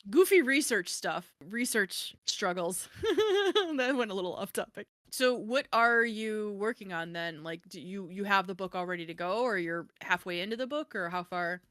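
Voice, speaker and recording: A woman's voice: mid-range voice, normal speed, dry recording, studio quality. A woman hosting a podcast in casual chat, telling stories and acting out the people in them. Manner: animated storyteller, acts out quoted people. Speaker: podcast host.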